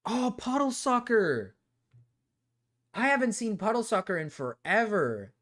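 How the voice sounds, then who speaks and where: A man streaming live, chatting casually with his viewers, animated and swearing freely while repeating himself. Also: high voice, measured pace. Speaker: streamer reacting to chat. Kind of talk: casual livestream chat.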